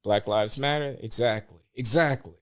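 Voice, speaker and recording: An older man as a podcast guest, speaking earnestly and in measured terms. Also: mid-range voice, fairly bright tone. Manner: earnest, measured, grows emotional. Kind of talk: casual podcast interview.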